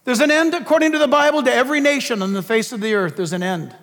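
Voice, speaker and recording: High-voiced fervent male preacher in a hall. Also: quick pace, a bit bright. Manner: emphatic, fervent, rhetorical questions. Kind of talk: political sermon.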